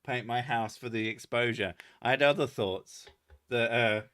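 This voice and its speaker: A man's voice: medium pitch, normal speed, a bit bright. A British man hosting a casual chat, reading out viewer comments with lots of laughing, swearing and self-mocking jokes. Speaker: host.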